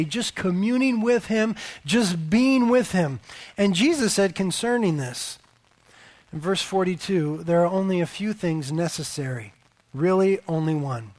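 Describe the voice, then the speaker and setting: A man preaches a sermon in a high voice, driving his points home through repetition. The sound is close and dry, with no room around it. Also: no room sound. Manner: emphatic, rhetorical repetition.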